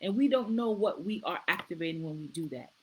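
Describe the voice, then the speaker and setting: A woman's voice: fairly low pitch, expressive, fairly quick, husky, poor audio. A middle-aged woman, a nurse practitioner, hosting a casual live-stream talk, earnest and repeating herself as she goes. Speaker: host.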